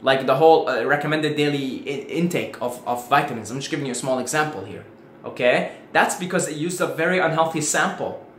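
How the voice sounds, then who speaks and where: A man's voice: a little high, fairly quick, fairly bright tone. A man talking casually to his viewers from home as a spiritual video host, acting out his own panic as he tells a story. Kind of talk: casual spoken monologue. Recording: echoey room, faint background hiss.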